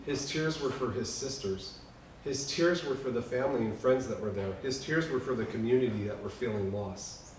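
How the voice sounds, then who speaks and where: A man preaching at a memorial service, earnest and sweeping between loud peaks and hushed lines, in a lodge hall. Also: medium pitch, moderate pace. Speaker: pastor. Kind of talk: memorial sermon. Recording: echoey hall from far off, faint noise.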